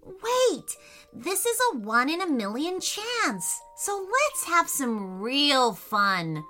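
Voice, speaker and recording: A woman voicing a curious, excitable young boy who loves dinosaurs in a children's story. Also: a little slow, soft background music, exaggerated voice. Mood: eager. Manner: eager, high and excitable. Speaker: children's story narrator doing character voices.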